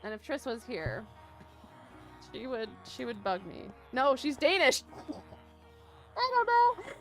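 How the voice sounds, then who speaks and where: A woman runs a casual gaming live stream, chatting, reading viewer messages aloud, and laughing often in a bubbly, rambling way. Her voice is a little high and a bit bright, animated yet measured in pace, with faint music playing behind her.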